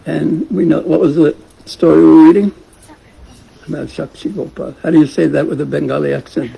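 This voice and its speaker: A man's voice: on the high side, steady tone, fairly quick, vocal fry, breathy edge, low-quality recording. A man teaching a scripture class, retelling a story in a casual way and asking the class questions. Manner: gentle, asks the class questions, chuckles.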